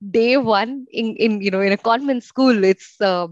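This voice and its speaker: A young woman from India speaks as an interview guest and recalls her story in a reflective way, with many pauses and fillers. The recording sounds dry and a little muffled, with no room echo. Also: fairly high pitch. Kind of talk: casual conversational interview.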